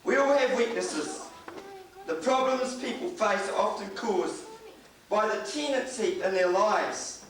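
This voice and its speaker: Earnest and conversational, a man from New delivers an anecdote-filled sermon in church, frequently starting his sentences over. His voice sits high and sounds a bit bright and animated at a measured pace, recorded at a distance in an echoey hall with faint noise.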